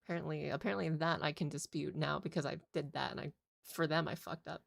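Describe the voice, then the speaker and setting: A woman's voice: low voice, fairly even intonation, fast, gravelly, no room sound, studio quality. A woman content creator telling a casual story in a rambling, exasperated way, swearing often. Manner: rambling, profane, exasperated retelling.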